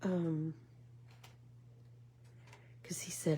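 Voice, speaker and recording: A middle-aged woman talks casually while she makes art, her low voice slow and unhurried. Her tone is gravelly and husky, and she rambles through her story with plenty of fillers, sometimes sinking into a whisper. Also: warm tone, a little hiss or hum. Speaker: art vlogger.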